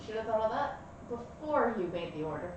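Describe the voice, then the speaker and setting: A woman playing a tabletop game, dry and skeptical in how she talks. Her voice sits fairly high and moves around a lot. She sounds far off in a very echoey room with a faint hiss. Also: sing-song, a little fast. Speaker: player.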